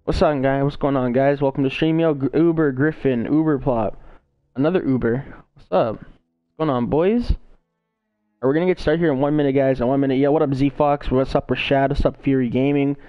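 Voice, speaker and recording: A man's voice: medium pitch, fairly even intonation, brisk, clean tone, dry recording, highs cut off. A young man live-streaming a game, casually greeting his viewers by name over a gaming headset.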